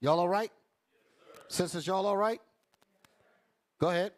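A man's voice: high voice, a little slow. A man teaching a Bible class in an emphatic preaching style, calling out to his listeners. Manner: emphatic, calls out to the audience.

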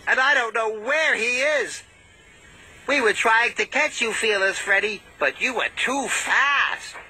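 A man voicing an excitable young steam engine with high, urgent cries, with loud music behind. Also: measured pace, slightly rough, heavily acted. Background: loud background music.

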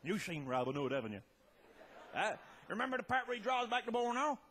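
A man telling a tall tale as a comedy monologue, loud and laughing, often breaking into shouts. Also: sits high, very animated, brisk. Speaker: comic storyteller.

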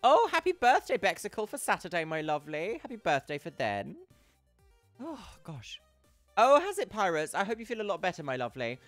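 Lively, chatty woman streamer. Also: fairly low pitch, fast talker, hardly any pauses, faint music behind. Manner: chatty and affectionate, greets viewers by name, calls them "my love". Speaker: game streamer. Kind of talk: casual live-stream chat. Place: at home.

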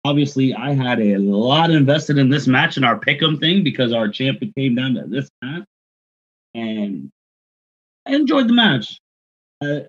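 Steering the review on a relaxed podcast, a male co-host invites the others to share their opinions. He has a mid-range, slightly rough voice, recorded with dull audio.

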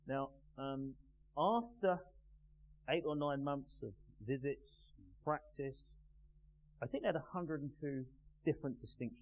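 A man teaching a live class in a measured, emphatic way, pausing and putting questions to the group. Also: on the high side. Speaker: NLP trainer. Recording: tinny phone-like sound with faint hum.

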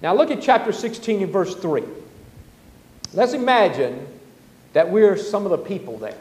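A man preaching a sermon as pastor, animated, acting out the grumbling crowds. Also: high-pitched, normal speed, roomy sound, in a large hall, rough recording. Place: church sanctuary.

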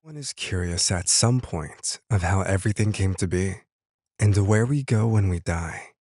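Man, low voice, mythic lore narration, measured pace, dry close sound. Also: darkish tone, dry recording, faint music behind. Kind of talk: scripted mythic storytelling narration.

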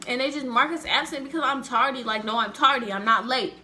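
A young woman in her late teens telling a dramatic storytime vlog in an animated, slangy way. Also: sits high, brisk, a little hiss or hum. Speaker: vlogger.

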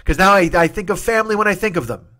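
Male comic host, forties, swears a lot, excitable solo storyteller. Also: high voice, fast talker. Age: 40s. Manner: profane, excitable, self-interrupting. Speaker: comedian podcast host. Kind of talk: rambling comedic monologue.

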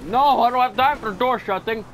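A man's voice: extremely high pitch, a little fast, soft background music, pitched above the performer's own voice, low-quality recording. A man putting on a giddy Russian driver. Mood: boastful, giddy. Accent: Russian (put on). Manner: loud, bragging, giggly. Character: boastful reckless Russian male driver, cheerful.

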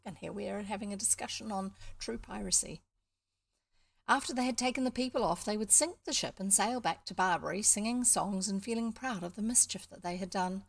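A woman with a New Zealand accent reading a children's book aloud, stopping for chatty, explanatory asides. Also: medium pitch. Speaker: storybook reader.

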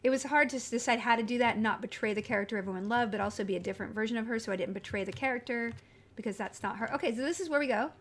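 A woman's voice: fairly high pitch, very fast. A woman live-streaming a video game in casual, chatty talk, scattered and reading viewer comments aloud as she goes.

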